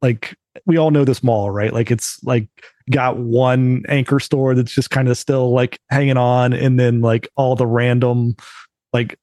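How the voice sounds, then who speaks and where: Here a male podcast co-host rambles through a laid-back conversation, stuffing his speech with "like" and "uh." He speaks a little slowly in a steady, dark, mid-range voice, captured dry.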